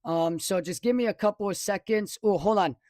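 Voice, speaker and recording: Talking fairly quickly in a high-pitched voice, a man rambles excitedly over a live weather stream from his home studio, fixing his own mistakes as he goes. A desk microphone sits close, and there's no echo.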